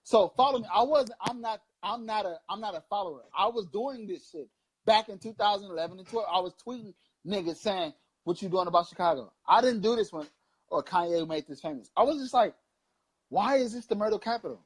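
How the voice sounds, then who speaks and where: This Long Beach, California man in his thirties is a co-host on a casual political chat show, delivering fervent, profane, meandering sermons. He talks fairly quickly in a high, husky voice.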